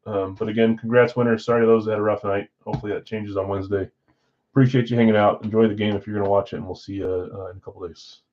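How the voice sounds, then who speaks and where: A man's voice: on the low side, steady tone, very fast, muffled recording. A man hosting a live sports card break stream, chatting casually with viewers while he opens packs.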